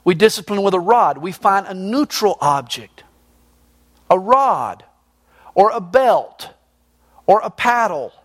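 A middle-aged man, preaching a sermon emphatically and swinging between loud and low. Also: very animated, slow, pauses often. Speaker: pastor.

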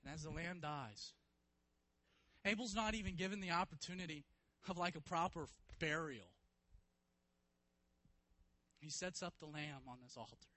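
A man preaching a sermon, retelling a story vividly and swinging from hushed to loud, emphatic passages. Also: fairly high pitch, moderate pace, long pauses, poor audio. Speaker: pastor.

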